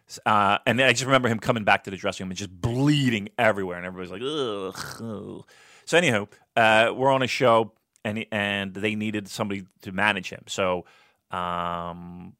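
A man telling casual stories in a podcast chat, animated and swearing, often jumping into a high voice when he quotes people. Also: no echo, clean studio sound.

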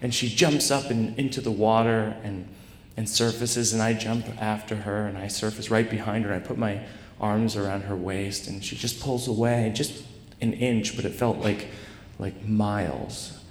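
A man telling a personal story to a live audience with a rambling, self-deprecating delivery full of halting restarts. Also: on the low side, steady tone, slight background noise. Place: stage in a large hall. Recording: echoey live hall recording.

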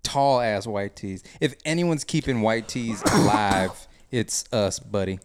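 A man's voice: lowish voice, measured pace, clean tone. A man co-hosting a casual podcast chat, joking and laughing often. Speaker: podcast co-host.

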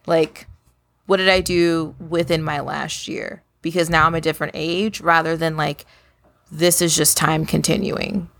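A woman co-hosting a casual podcast chat, making dry, deadpan remarks. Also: low-pitched, a little slow, vocal fry, no echo. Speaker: podcast co-host.

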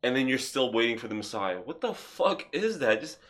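A man hosting a casual podcast, animated, swearing freely and firing off rhetorical questions. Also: mid-range voice, a little fast. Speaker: podcast host.

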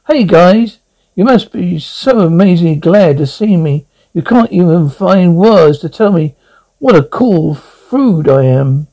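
A man's voice: sits high, expressive, measured pace, mellow, full character voice, poor audio. A man voicing a boastful, scatterbrained male alien captain who rambles on about himself in a storybook reading.

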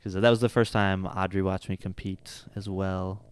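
Smooth-voiced man in rambling casual chat. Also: low-pitched, little pitch movement, normal speed, dry recording. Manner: rambling, heavy use of "like" and "you know". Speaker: jiu-jitsu coach and gym owner.

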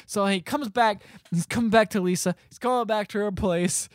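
Male podcast host, somewhat high voice, dry close sound, animated and profane plot recap. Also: moderate pace, no echo. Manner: animated storytelling, swears freely, laughs while talking. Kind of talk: casual movie recap.

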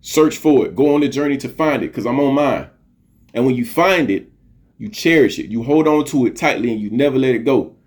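A man's voice: medium pitch, brisk, a little mellow. A middle-aged man hosting a podcast, giving an earnest, preachy motivational monologue, repeating phrases for emphasis and swearing casually. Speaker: podcast host.

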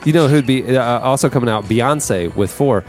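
A man of middle pitch hosts a casual podcast, teasing his co-hosts and pressing his arguments. Faint music sits under the talk. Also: normal speed. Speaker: podcast host. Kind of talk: casual chat.

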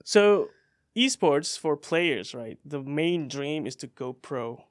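A young man from Indonesia, a guest in a podcast studio, telling his story in a relaxed way with many fillers. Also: fairly high pitch, slow pace, no room sound. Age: young adult. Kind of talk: casual interview.

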